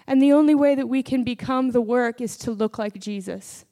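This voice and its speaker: High-voiced woman preaching a fervent sermon. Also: normal speed, dark tone. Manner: earnest testimony, rising to fervent prayer.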